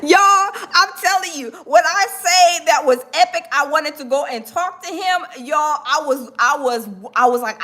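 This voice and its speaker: Hosting a laid-back gossip stream on YouTube, this woman chatters and rambles, dropping fillers and asking viewers to hold on as she looks for clips. Her voice is high and fairly bright, moving at a moderate pace with hardly any pauses.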